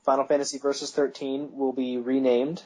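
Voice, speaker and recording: A man's voice: mid-range voice, little pitch movement, moderate pace, dark tone, rough recording. A young man co-hosting a podcast, rambling through school stories and laughing at his own anecdotes, with a voice that cracks. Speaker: podcast co-host. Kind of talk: casual chat.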